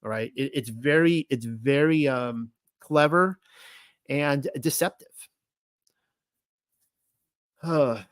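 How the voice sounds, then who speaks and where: A man giving an informal Bible teaching, reading scripture aloud and commenting on it in an excitable way. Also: medium pitch, takes it slowly, long pauses, no room sound.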